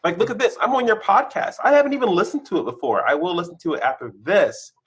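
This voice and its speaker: A man, a guest on a podcast, telling candid stories about his career, his voice shooting up when excited and dropping low when reflective. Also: quick pace, breathy edge. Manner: animated storyteller, bursts of excitement, then drops low. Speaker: podcast guest, senior engineer. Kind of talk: candid conversational interview.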